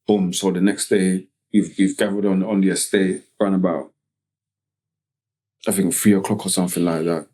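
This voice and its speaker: A man from Tottenham with a North London accent, telling a personal story as a podcast guest in slangy, halting speech full of "you get me" tags. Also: low-pitched, flat delivery, mellow. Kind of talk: casual storytelling interview.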